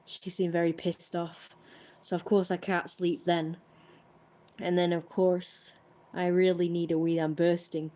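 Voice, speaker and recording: A woman's voice: on the low side, flat delivery, unhurried, mellow, low-quality recording. A British woman, exhausted and burnt out, chatting wearily at home during a live stream and swearing casually. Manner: weary, subdued, swears casually.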